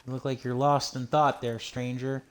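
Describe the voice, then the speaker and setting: A man's voice: mid-range voice, level tone, normal speed. A man streaming a western video game, chatting casually and thinking aloud while he plays. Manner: chatty, talks to himself while playing. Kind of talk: casual gameplay commentary.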